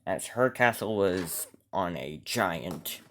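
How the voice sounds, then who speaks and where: Man, low voice, slow pace, improvised casual story narration, rambling with restarts. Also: lively intonation, a bit bright, slight background noise. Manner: rambling, with frequent restarts and self-corrections.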